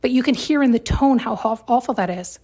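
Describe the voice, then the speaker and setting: Breathy woman giving a self-help talk. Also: fairly high pitch, fairly quick, a little mellow. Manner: emphatic, repetitive, frequent tag questions. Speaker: podcast host.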